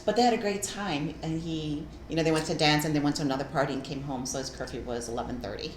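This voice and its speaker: A woman's voice: low voice, fast talker. A woman in her forties co-hosting a casual chat, talkative and self-deprecating with easy laughs. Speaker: co-host. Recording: echoey room with faint hiss.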